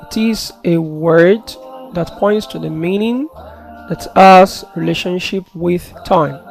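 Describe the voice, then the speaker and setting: A man's voice: sits high, creaky, darkish tone. A man teaching a grammar lesson, steadily explaining each term and then translating it.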